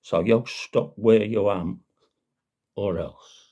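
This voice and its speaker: A man voicing a bullying petty village constable in a Black Country accent, raising his voice high and loud. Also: slow. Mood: threatening.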